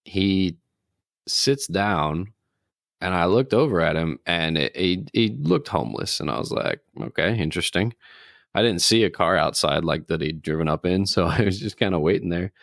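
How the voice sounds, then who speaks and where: A man's voice: sits low, expressive, moderate pace, gravelly, a bit bright, dry recording, studio quality. A man co-hosting a casual chat, telling an anecdote and laughing often. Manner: storytelling, laughs often, acts out voices in anecdotes. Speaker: podcast co-host.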